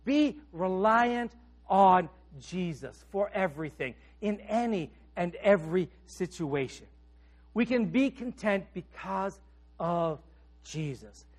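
High-voiced preaching man. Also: animated, measured pace. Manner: trails off soft and low at phrase ends, rises on questions. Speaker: pastor. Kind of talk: sermon.

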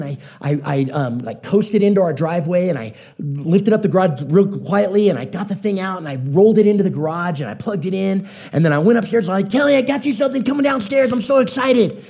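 A male pastor giving a conversational sermon with a mellow, slightly high voice. He tells homely anecdotes and keeps asking his listeners whether they follow. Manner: folksy storytelling, asks the audience questions.

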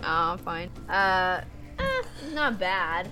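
A woman playing a tabletop game, playful and animated, laughing with the group. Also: on the low side, normal speed, music in the background, low-quality recording. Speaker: player. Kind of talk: casual tabletop play.

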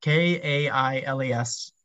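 A man's voice: medium pitch, measured pace, fairly bright tone, no room sound. Rambling man talking shoes, dull audio. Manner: rambling, heavy with fillers like "um" and "like". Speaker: podcast guest, ultrarunner. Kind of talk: casual interview chat.

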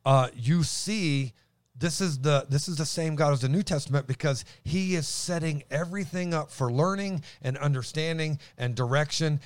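An excitable man teaching the Bible in a casual chat, his voice booming as he stumbles over restarts. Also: moderate pace, no room sound.

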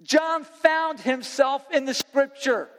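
A man preaching a sermon to students as their pastor, impassioned, swinging between loud preaching and quiet earnest talk. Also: extremely high pitch, takes it slowly, big-room sound. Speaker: youth pastor.

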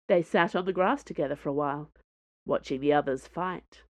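A woman with a low voice narrates a novel in a measured, expressive way. The recording is close and dry, with no room sound. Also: no echo. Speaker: audiobook narrator. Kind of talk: scripted narration.

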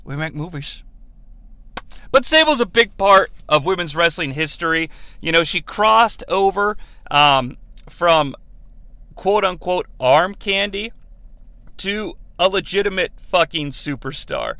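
A man hosting a podcast in a high, gravelly voice. His tone is bright and edgy, and the sound is close and dry. He rambles and jokes through his wrestling commentary and swears freely. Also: lively intonation, a little slow, dry recording. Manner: rambling, profane and jokey, slipping into bits. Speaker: podcast host.

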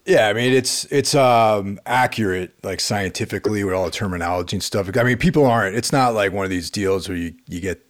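A man chatting casually about movies, measured and hesitant with many fillers. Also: fairly low pitch, dry recording, studio quality. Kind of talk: casual chat.

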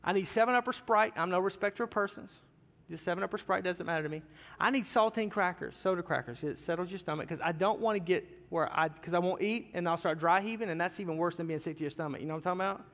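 A man's voice: sits high, quick pace, a bit bright. A pastor telling a humorous story in a sermon, talking animatedly and directly with his congregation in a church sanctuary. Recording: long hall reverb from a large church.

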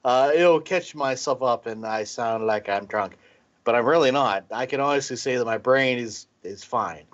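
A man's voice: mid-range voice, normal speed, lo-fi sound. A man co-hosting a podcast, rambling and tipsy, stumbling over repeated words in casual chat. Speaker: podcast co-host, guest.

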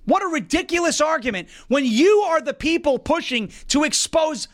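A man's voice: very high-pitched, lively intonation, moderate pace. A man hosting an opinion show, delivering indignant, emphatic commentary. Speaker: political commentary host.

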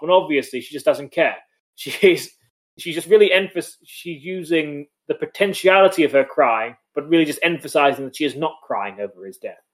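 A man's voice: a little high, expressive, moderate pace. Analytical man co-host. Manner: explanatory, analytical. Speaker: podcast co-host. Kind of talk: casual discussion.

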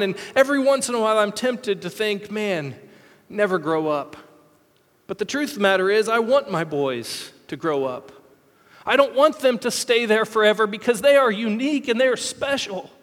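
A man's voice: high voice, a bit bright. A male pastor in his thirties giving a sermon in a church, talking candidly and casually with some self-deprecating humor. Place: church hall. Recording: long reverb of a large hall.

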